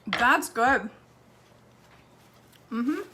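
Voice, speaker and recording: Woman, kitchen vlogger, chatty and a bit high-voiced, faint dish clatter behind. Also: lively intonation, drawn-out words, sharp tone, slight background noise. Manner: chatty, talks to her dog between steps. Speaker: cooking vlogger. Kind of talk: casual kitchen vlog. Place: home kitchen.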